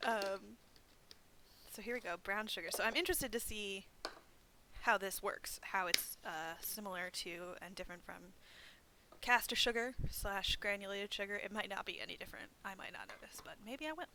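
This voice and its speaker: A woman's voice: medium pitch, normal speed, background noise. A young woman hosting a library craft demonstration, chatting casually and poking fun at herself, with lots of "um" and "like". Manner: chatty and self-deprecating, many fillers. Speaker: library program host.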